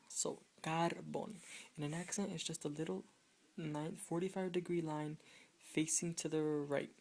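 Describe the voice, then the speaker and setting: A deep-voiced woman explains Spanish grammar in a video lesson. There is a gravelly edge to her voice. She talks patiently, repeats and restarts phrases, and points at words she has written out. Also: darkish tone, a little hiss or hum. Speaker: Spanish teacher.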